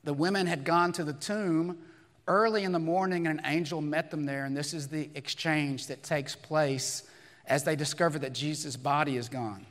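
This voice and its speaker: A man preaching a sermon to his church congregation. He is hoarse and raspy from losing his voice, talks conversationally, and asks many rhetorical questions. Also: fairly high pitch, fairly even intonation, normal speed, a bit bright, long reverb tail. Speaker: pastor. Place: church sanctuary.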